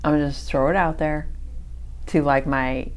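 A woman's voice: deep voice, fairly even intonation, moderate pace. A middle-aged woman co-hosting a faith podcast, chatting casually with lots of fillers and restarts. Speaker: podcast co-host.

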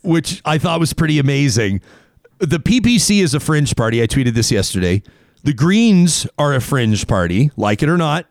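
A man hosting a talk radio show, opinionated and animated, talking in quick asides with his co-hosts. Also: fairly high pitch, vocal fry, dry recording. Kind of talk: casual talk radio banter and ad reads.

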